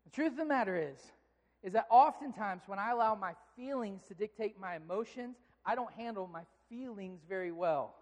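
A male pastor giving a sermon, telling a story with lively, animated delivery. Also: high voice, normal speed. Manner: animated storytelling, shouting quoted outbursts. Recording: long hall reverb.

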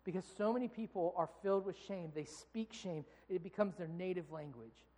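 A man's voice: high voice, moderate pace. A man in his thirties preaching a sermon to a congregation, earnest and direct, acting out stories with rising heat. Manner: earnest, builds to animated acted-out anger in stories. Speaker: pastor. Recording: long reverb of a large hall.

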